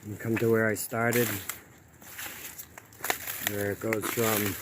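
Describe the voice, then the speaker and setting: A man's voice: fairly low pitch, level tone, takes it slowly, background noise. A man filming a casual walking vlog outdoors by a canal. He sounds amazed, repeats himself and addresses his viewers, and he is out of breath from climbing. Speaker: vlogger exploring brick ruins.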